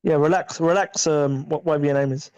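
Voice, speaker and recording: A man's voice: a little high, steady tone, fairly quick, a little mellow, clear, resonant tone, no room sound, dull audio. A man arguing on a boxing podcast call, stammering and repeating words as he talks over the others. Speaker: podcast panelist. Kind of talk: heated casual debate.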